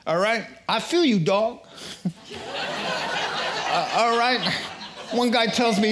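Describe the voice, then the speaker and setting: A pastor preaching a sermon in an animated way, acting out quotes and voices with humor. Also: male voice, high voice, slow pace, pauses often, background noise.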